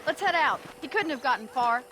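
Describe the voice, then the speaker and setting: A woman's voice: high voice, expressive, a little fast, rough recording. An actress playing a young, outspoken frontier ranch woman in a western game, talking bluntly. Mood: worried. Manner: blunt, scornful. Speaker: rancher's daughter. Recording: game audio over loud noise.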